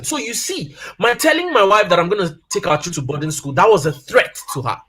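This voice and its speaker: Male guest, 30s-40s, high and very animated delivery, casual storytelling advice. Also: a little fast, breathy edge. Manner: animated, repeats key points for emphasis. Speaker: guest speaker on family life. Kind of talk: casual advice talk with personal stories.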